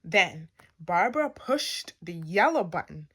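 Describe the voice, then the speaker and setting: Slow, animated woman reading a kids' story. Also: lowish voice, husky. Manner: expressive, with sound effects and playful emphasis. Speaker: storytime reader. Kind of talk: children's read-aloud.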